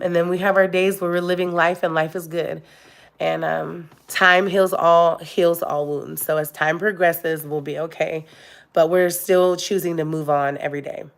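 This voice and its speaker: Low-voiced woman vlogging candidly. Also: clear, resonant tone. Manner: candid and emotional, many fillers. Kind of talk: casual live-stream chat.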